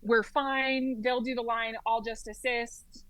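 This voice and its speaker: A woman's voice: fairly high pitch, takes it slowly, no room sound, poor audio. Chatty woman nurse telling a story. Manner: lively storyteller, heavy use of "like" and "um". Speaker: flight nurse practitioner guest. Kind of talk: casual storytelling in an interview.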